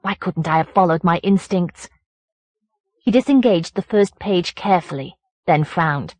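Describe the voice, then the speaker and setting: A woman reading a first-person horror story aloud as an audiobook narrator, in a measured, deliberate way. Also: fairly low pitch, darkish tone, no echo.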